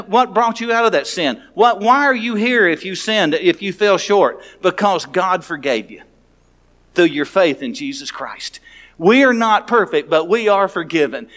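A man's voice: sits high, fairly bright tone. A man, a pastor, preaching a sermon in a conversational, frank way, often restarting his sentences.

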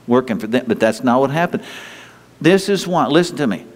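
A man preaching a sermon in a lively, conversational way, restarting phrases and talking straight to the congregation. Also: fairly high pitch, brisk. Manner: animated, conversational preaching with frequent restarts and asides. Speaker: pastor. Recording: long reverb of a large hall.

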